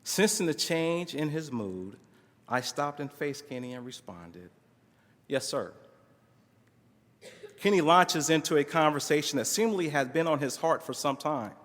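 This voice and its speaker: A man's voice: on the high side, lively intonation, a little slow, a bit bright. A man at a conference reading a narrative aloud with expression, acting out the dialogue in shifting voices. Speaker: conference speaker reading a case story. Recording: long reverb of a large hall.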